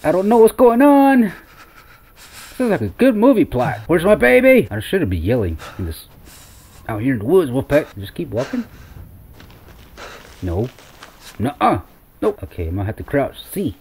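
A man's voice: fairly high pitch, wildly swooping pitch, normal speed, long pauses, darkish tone, husky. Jumpy, exclaiming male gaming streamer. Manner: jumpy, exclaiming, talks to viewers as Wolfpack. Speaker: gaming YouTuber. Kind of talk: let's-play commentary.

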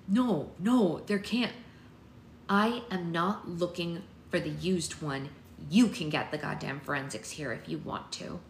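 A woman doing a bewildered young man, flustered and bleak, in her own lowish reading voice. An echoey room with a faint hiss sits behind. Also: measured pace.

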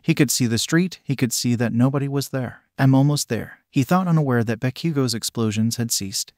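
A man reading a fan-fiction story aloud in an even, flat manner, even speaking punctuation out. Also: mid-range voice, a little fast, dry recording, studio quality. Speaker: narrator.

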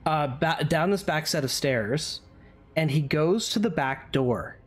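A man narrating a tabletop game as game master, in descriptive, halting narration with fillers. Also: on the high side, lively intonation, slightly rough.

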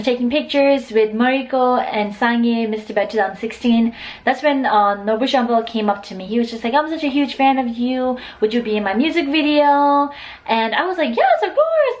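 Chatty young woman vlogger, higher voice. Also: low-quality recording. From United States. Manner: chatty, emotional, many fillers like "like" and "oh my God". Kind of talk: casual storytime vlog.

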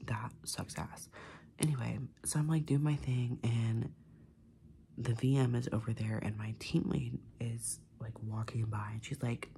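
A man's voice: medium pitch, steady tone, unhurried, vocal fry, mellow, a little hiss or hum. A young man in his twenties whispering an ASMR vent while doing his makeup, chatty, swearing and full of "like". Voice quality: mostly unvoiced whisper. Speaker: ASMR creator.

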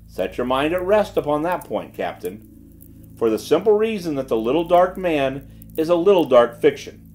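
A man voicing a shrewd gentleman detective who speaks quietly and with calm assurance. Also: fairly high pitch, pitched above the performer's own voice. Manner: quiet, measured, self-assured.

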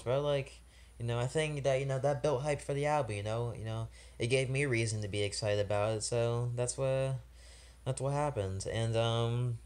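Young man ranting in a casual music review. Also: mid-range voice. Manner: rambling, heavy slang and swearing, frustrated. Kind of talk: casual album review vlog.

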